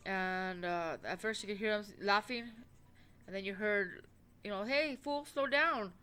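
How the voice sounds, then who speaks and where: A woman telling a personal story in casual, rambling talk, swearing often and restarting her sentences, with soft music behind her. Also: mid-range voice, steady tone, normal speed, clear, resonant tone. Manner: rambling, profane, with many fillers and restarts.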